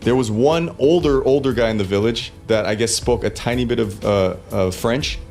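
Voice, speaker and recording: A man's voice: mid-range voice, moderate pace, creaky, a little mellow, faint music behind. A man in his forties telling a casual anecdote in a loose, profane way, laughing easily. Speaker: guest storyteller in a played clip.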